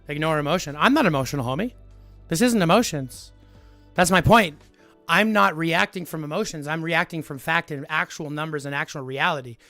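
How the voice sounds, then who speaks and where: A man's voice: a little high, fairly bright tone, dry recording. A man arguing heatedly with his live-stream chat, lecturing and repeating his points. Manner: combative, lecturing, repeats himself.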